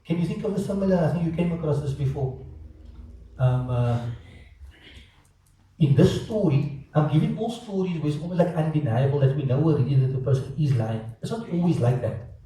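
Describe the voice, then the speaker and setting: A man teaching a Quran lesson, animated and asking his students rhetorical questions. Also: a little high, fairly quick, slight background noise. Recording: echoey room from far off.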